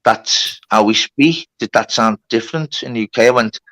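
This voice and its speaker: A man's voice: medium pitch, moderate pace, sharp tone. A man telling a long story on a livestream, with lots of swearing and reported speech. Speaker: livestream host. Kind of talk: casual storytelling.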